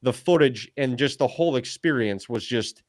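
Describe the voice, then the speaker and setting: A man co-hosting a podcast, telling a hunting story in casual chat, excited and full of "dude" and "like". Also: mid-range voice, moderate pace, no room sound, clean studio sound. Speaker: podcast co-host.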